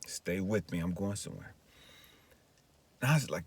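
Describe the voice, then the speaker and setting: Earnest husky man giving testimony. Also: low-pitched, animated, moderate pace, pauses often, no room sound. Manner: earnest, repetitive, often asks "you know what I mean". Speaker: counselor sharing personal testimony. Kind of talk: emotional spoken testimony.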